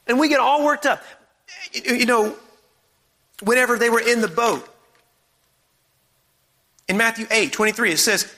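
A man's voice: very high-pitched, moderate pace, pauses often, bright, forceful tone, in a large hall. A man preaching a sermon, emphatic and repetitive, who fires off strings of rhetorical questions.

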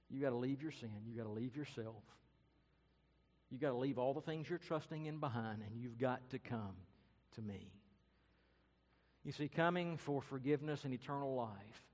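A man's voice: medium pitch, long reverb tail. A man preaching a sermon and telling a story earnestly and dramatically. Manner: earnest, dramatic, varies loudness and pace. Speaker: pastor.

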